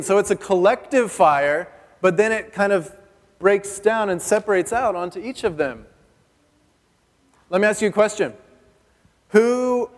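A male pastor preaching a sermon in a church hall, chatty and joking, asking the congregation questions. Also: high-pitched. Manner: conversational and joking, asks the audience questions. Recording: long reverb of a church hall.

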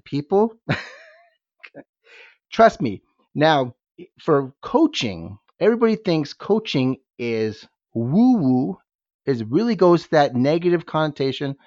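A man hosting a podcast with high energy, firing rhetorical questions at his listeners. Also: darkish tone, no echo. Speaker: podcast host. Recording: dull, dry lo-fi sound.

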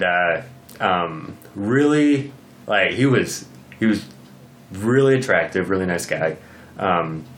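A young man telling a story in a casual podcast chat, animated and acting out what people said. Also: sits low, slight background noise. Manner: animated, acts out quoted lines. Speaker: podcast guest. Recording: roomy echo.

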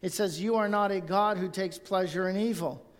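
A man's voice: high-pitched, steady tone, moderate pace, long reverb tail. A male pastor preaching a sermon and reading scripture aloud, in an earnest tone.

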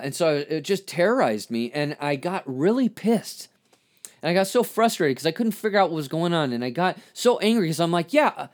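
A man hosting his own podcast, talking candidly about his personal life in a halting way, with frequent fillers and restarts, swearing freely and growing emphatic as he goes. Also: medium pitch. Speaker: podcast host. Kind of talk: confessional personal monologue.

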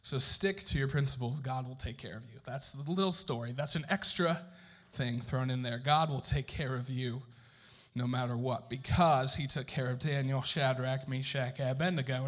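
A man's voice: mid-range voice, normal speed. A young man telling a Bible story to a group in a casual, joking sermon style, asking the room questions.

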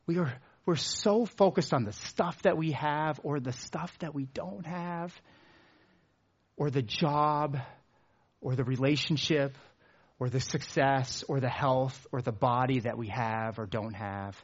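A man preaching a sermon, earnest, rising in emphasis and then dropping low on his key words. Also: a little slow, slightly rough, dull audio. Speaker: pastor.

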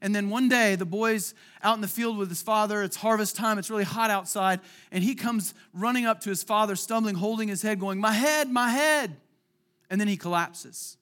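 High-voiced preaching man, earnest. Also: fairly bright tone. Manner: earnest, repeats words, acts out quotes, drops to near whisper at emotional points. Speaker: pastor. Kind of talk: sermon.

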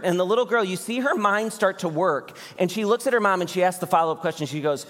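A man's voice: high voice, fast talker, few pauses, a bit bright. A man in his thirties preaching a sermon as pastor, talking earnestly and conversationally with direct appeals to his listeners. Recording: hall reverb.

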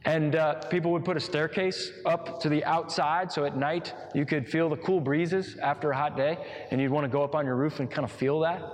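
A male pastor preaching a sermon in an animated, conversational way, asking the congregation rhetorical questions. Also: a little high, fairly quick, few pauses, long reverb tail.

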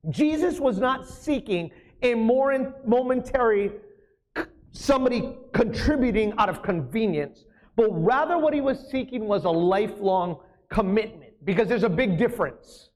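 A man as pastor preaching a sermon, emphatic, often asking the congregation questions. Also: high-pitched.

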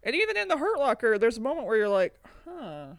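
Rambling, animated woman co-host. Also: a little high, very fast, vocal fry, dry recording. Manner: animated, rambling, swearing freely. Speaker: podcast co-host. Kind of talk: casual chat.

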